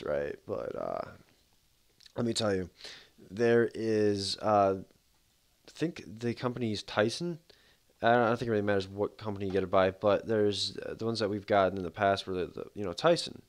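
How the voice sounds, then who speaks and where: A man streaming a game, chatting casually in a rambling, laid-back way full of fillers. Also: on the low side. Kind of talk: casual livestream commentary.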